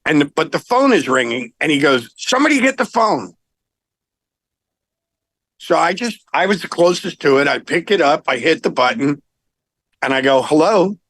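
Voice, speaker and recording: A middle-aged man, a rock singer, telling anecdotes in a casual interview, animated and laughing now and then. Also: fairly high pitch, normal speed, no echo, rough recording.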